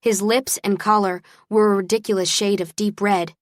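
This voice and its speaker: Woman audiobook narrator; expressive first-person read, mid pitch, dry studio sound. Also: moderate pace, no room sound.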